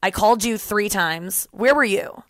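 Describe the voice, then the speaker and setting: A woman's voice: mid-range voice, unhurried, no echo, clean studio sound. A woman in her thirties hosting a podcast, telling a story casually and acting out the voices of others. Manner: animated, acts out quoted voices. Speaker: podcast host.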